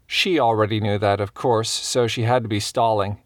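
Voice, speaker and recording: A man narrating a cozy mystery audiobook in a measured, even manner. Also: on the low side, dry recording, clean studio sound.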